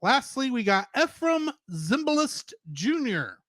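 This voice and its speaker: A man with a high, lively voice chats casually as a podcast co-host. He laughs easily and keeps things animated. The sound is dry and close, with no room around it. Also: measured pace, dry recording. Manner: laughs often, animated and chatty.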